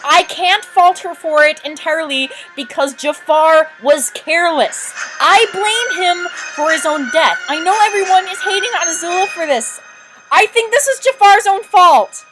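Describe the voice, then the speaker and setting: A woman giving chatty, excitable commentary over a video, jumping in with quick asides. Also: extremely high pitch, music in the background, low-quality recording.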